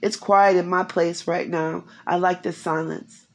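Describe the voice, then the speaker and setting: A woman's voice: fairly low pitch, fairly even intonation, measured pace. A woman giving a spiritual encouragement talk at home, emphatic and repetitive, full of rhetorical questions. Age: 50s. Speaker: faith speaker. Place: quiet home.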